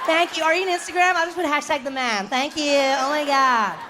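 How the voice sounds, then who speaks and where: A man voicing a group of gushing tourists in a high, drawn-out voice. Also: noisy background. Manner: high-pitched, drawn-out gasping.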